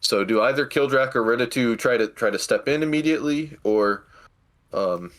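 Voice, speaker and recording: A man's voice: medium pitch, normal speed, fairly bright tone. A man narrating as game master of a tabletop game, hesitant with restarts. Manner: hesitant, many fillers and restarts.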